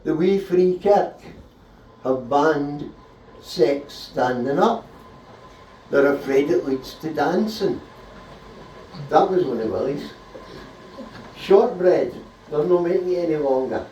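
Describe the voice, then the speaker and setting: A man with a Scottish accent doing a stand-up comedy set with deadpan delivery. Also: fairly high pitch, takes it slowly, pauses often, a little hiss or hum. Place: small live comedy venue. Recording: roomy hall, voice from a distance.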